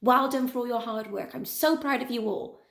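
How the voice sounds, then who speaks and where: A woman teacher reading a picture book aloud to her pupils in an animated, expressive way. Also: a little high, normal speed, gravelly. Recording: echoey room.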